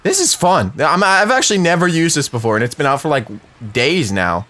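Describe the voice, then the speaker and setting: Young guy gaming youtuber, voice jumps around a lot, slightly high, gets hyped and yells. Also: a little fast. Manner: excitable, talks to viewers, shouts at wins. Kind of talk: live gameplay commentary.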